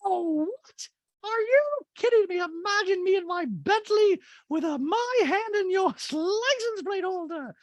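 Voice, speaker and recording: A man putting on a mocking impression of a gushing, over-the-top rich woman in a shrill, breathless falsetto. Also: animated, unhurried, dry recording.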